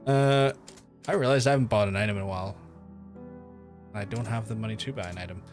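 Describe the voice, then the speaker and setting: A man's voice: fairly low pitch, steady tone, quick pace, faint music behind. Chatty man streaming a game. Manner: rambling, swearing, chatty asides to chat. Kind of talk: casual livestream chat while playing.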